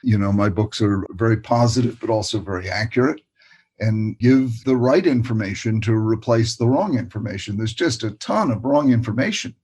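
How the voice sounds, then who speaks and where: An older man, a guest expert in a casual interview, talking with warm enthusiasm and often repeating words. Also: on the low side, normal speed, slightly rough. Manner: warm, enthusiastic, repeats words and says "you know" a lot.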